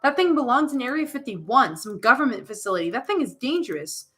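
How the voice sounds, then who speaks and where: A woman's voice: on the high side, sing-song, a little fast, fairly bright tone, breathy edge, exaggerated voice. A woman voicing a suspicious, blunt teenage girl in a game, accusing and hostile in tone. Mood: scornful.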